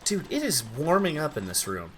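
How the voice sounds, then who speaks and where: A sleepy young man from Idaho chatting casually on a live stream while gaming, rambling with quick outbursts. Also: fairly high pitch, sing-song, slight background noise. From Idaho, USA.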